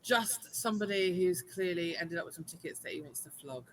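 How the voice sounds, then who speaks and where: A player in a tabletop game, talking through plans in a deliberate, thoughtful way. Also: medium pitch, far from the mic, slight background noise, rough recording. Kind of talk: casual tabletop play.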